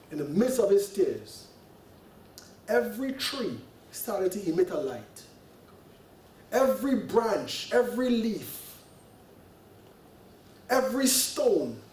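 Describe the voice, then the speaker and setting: A Canadian sheikh with a very high voice gives an animated, conversational religious lecture full of stories, sprinkling in "right?" and "you know." He's recorded in an echoey lecture hall from a distant mic.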